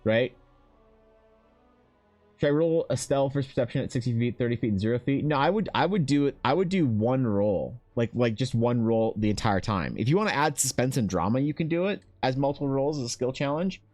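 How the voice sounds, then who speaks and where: A man's voice: mid-range voice, expressive, brisk, darkish tone, soft background music. A young Canadian man chatting casually on a live stream, joking and swearing as he reads out and answers chat questions. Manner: profane, joking, reading chat aloud. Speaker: streamer and artist.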